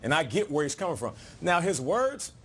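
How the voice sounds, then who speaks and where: A man who once played the game debates on a studio sports panel, quick and insistent. His pitch swings widely as he presses his case. He cuts in to challenge the other side. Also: slightly rough. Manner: animated, argumentative, cuts in. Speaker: former player turned analyst.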